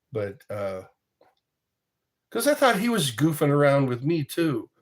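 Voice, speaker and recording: A man's voice: a little high, very animated, slow. A man telling rambling, casual stories in a vlog, often chuckling and breaking off mid-sentence. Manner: rambling, chuckling, self-interrupting. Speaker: vlogger. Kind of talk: casual storytelling monologue.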